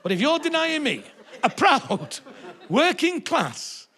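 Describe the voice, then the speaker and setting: Gravelly northern English comic. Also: male voice, extremely high pitch, wildly swooping pitch, slow, bright, forceful tone. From northern England. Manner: rambling, sardonic, sweary banter. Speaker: stand-up comedian. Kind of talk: live stand-up set.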